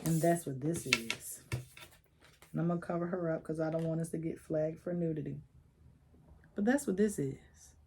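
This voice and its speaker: A woman's voice: sits low, normal speed, long pauses, background noise. A woman doing a casual tarot reading, chatty and coaching, using slang and laughing now and then. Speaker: tarot reader.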